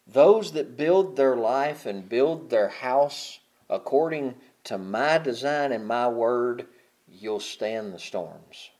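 A man preaching a sermon as pastor, building to loud, impassioned peaks and dropping to quiet, conversational asides. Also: medium pitch, expressive, slow pace, hardly any pauses.

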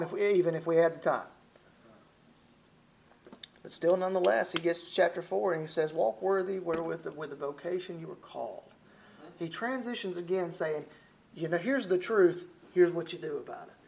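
A man with a Southern accent, from Alabama, preaches in a loose, folksy sermon voice. His voice sits fairly high for a man. He talks like a visiting preacher chatting with the congregation, often stopping to rephrase himself. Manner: folksy, conversational preaching with frequent restarts.

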